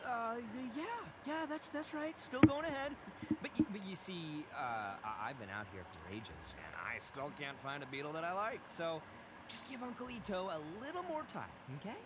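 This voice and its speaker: An actor playing a brash, goofy young gang boss in a video game, talking with swaggering, stammering bluster. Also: male voice, sits high, big pitch swings, moderate pace, very noisy.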